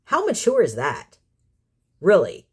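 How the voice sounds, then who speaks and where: A woman's voice: on the low side, huge pitch swings, takes it slowly, darkish tone, slightly rough. A woman hosting a cat rescue vlog, ranting at viewers in an exasperated, sarcastic way, rambling and firing off rhetorical questions. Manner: rambling with repeated phrases. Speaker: community cat caretaker and channel host.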